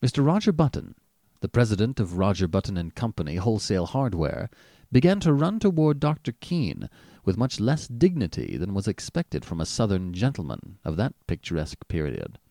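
A man narrating a classic story as an audiobook, in an expressive, animated reading. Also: lowish voice, normal speed, no echo, clean studio sound. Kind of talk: scripted narration.

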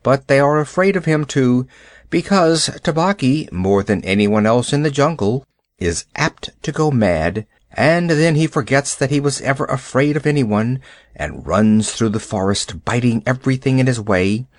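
Male narrator reading a classic story, animated pitch, dry close sound. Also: no room sound. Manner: expressive, measured storytelling.

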